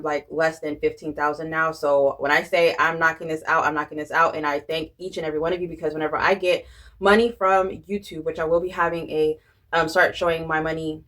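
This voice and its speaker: Chatty woman vlogging, a bit low-pitched. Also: poor audio. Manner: rambling, animated storytelling with many fillers. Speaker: budgeting and planner vlogger. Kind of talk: casual chatty vlog.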